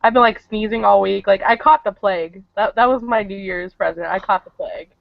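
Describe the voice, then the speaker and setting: A man's voice: high voice, fairly quick, vocal fry, no room sound. A man appearing as a guest on a casual stream chat and telling rambling anecdotes. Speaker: guest cosplayer. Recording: dull lo-fi stream audio.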